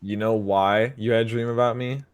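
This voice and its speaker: A man's voice: lowish voice, fairly even intonation, normal speed, clear, resonant tone. A man co-hosting a podcast in casual chat, joking in a laid-back, dry way. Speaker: podcast co-host.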